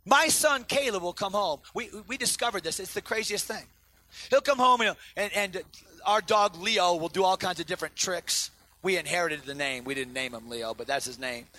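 A man preaching a sermon to a congregation as pastor, animated and swinging between loud outbursts and quiet intensity. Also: high voice, moderate pace. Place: church sanctuary before a congregation.

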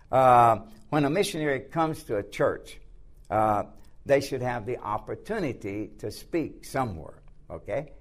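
A man teaching a class on church missions from slides. He uses many fillers and restarts, repeats his points for emphasis and keeps checking in with "okay?". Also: medium pitch. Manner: repetitive, filler-heavy, restarts often. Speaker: missions instructor.

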